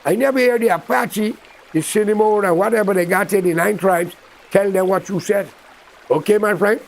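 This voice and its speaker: List: man, Guyanese accent, very high voice, gravelly fry, combative scolding rant. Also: moderate pace. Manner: combative, scolding, speaks straight at his target in creole grammar. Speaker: political commentator. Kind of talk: direct-to-camera political rant.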